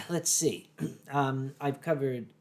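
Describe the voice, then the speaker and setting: A man's voice: mid-range voice, extremely slow. A man in his thirties co-hosting a live stream, chatting casually with a dry, snarky wit. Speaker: stream co-host. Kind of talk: casual chat.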